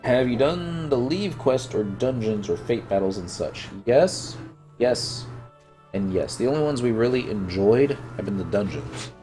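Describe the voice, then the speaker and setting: A man's voice: mid-range voice, lively intonation, measured pace, music in the background. A man with a head cold chatting casually and joking while he plays a game and answers viewers. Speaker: game streamer. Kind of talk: casual gameplay chat.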